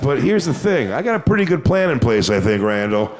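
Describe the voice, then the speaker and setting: A man performing a stand-up comedy set on stage, telling crude, swaggering stories and sometimes mocking people in high put-on voices. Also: big pitch swings, quick pace. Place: comedy stage before a live audience.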